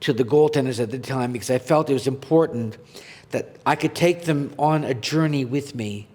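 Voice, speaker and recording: A man's voice: medium pitch, normal speed, a little mellow. A man from Canada, a former goaltender, telling his story earnestly and with feeling. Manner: earnest, heartfelt, reads a list of names aloud. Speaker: podcast guest, former goaltender. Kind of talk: emotional storytelling. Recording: long hall reverb.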